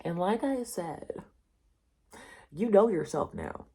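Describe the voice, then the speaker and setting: A woman's voice: lowish voice, lively intonation, slow pace, dark tone, slightly rough. A woman giving a casual spoken tarot reading, talking straight to the listener, repeating her points with emphasis and reassurance. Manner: direct, repetitive, addresses the listener as you and y'all. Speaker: tarot reader.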